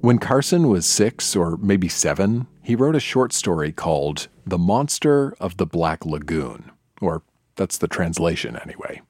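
A man's voice: low-pitched, very animated, a little slow, darkish tone, soft background music. A male host introducing readers on stage with wry, lightly teasing remarks. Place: live stage with an audience.

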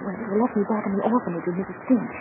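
A woman's voice: mid-range voice, very fast, lightly acted. An actress playing Burma, a brash, wisecracking young woman held prisoner, in 1940s radio acting. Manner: sassy, wisecracking. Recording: tinny old radio broadcast with loud hiss.

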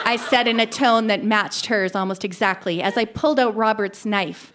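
A grown woman reading aloud at a live show, with dramatic emphasis on the lines she shouts. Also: medium pitch, normal speed, hardly any pauses, noisy background. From Canada. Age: adult. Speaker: reader of her childhood story. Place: live venue.

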